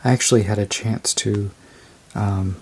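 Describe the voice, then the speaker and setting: A man casually reviewing a tarot deck, rambling and unhurried as he describes each card. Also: on the low side, steady tone, a little mellow, a little hiss or hum. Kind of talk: casual show-and-tell review.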